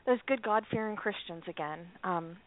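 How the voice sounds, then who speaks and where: A woman's voice: medium pitch, normal speed, dry recording. A woman co-hosting a casual radio chat, telling stories with frequent laughs and restarts. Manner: laughs often, storytelling with restarts. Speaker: podcast co-host. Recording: tinny phone-like audio.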